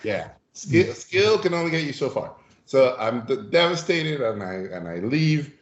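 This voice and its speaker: A man from Mexico, a podcast guest telling anecdotes in a lively, animated way and acting out the people in them. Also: mid-range voice, moderate pace. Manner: lively storyteller who acts out voices. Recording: roomy, dull lo-fi sound.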